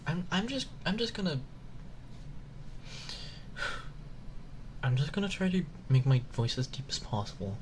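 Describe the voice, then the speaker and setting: A man's voice: on the high side, very animated, measured pace, pauses often. A man streaming live, chatting casually with viewers, laughing often and swearing. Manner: giggly, swears, loses composure. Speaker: ASMR streamer. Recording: background noise hiss.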